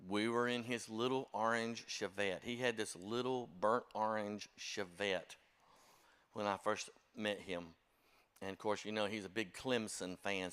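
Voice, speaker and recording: A man's voice: lowish voice, fairly bright tone, clean tone. Older man, music director type, spins folksy self-deprecating church stories. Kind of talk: storytelling talk to a congregation.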